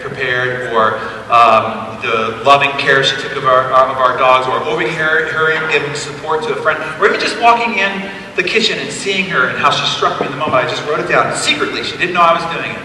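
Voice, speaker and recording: A man in his forties giving a motivational keynote, telling stories in an animated, conversational way with emphatic asides. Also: medium pitch, brisk, a little hiss or hum. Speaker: keynote speaker. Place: large event hall, live on stage. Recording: echoey hall taped from far off.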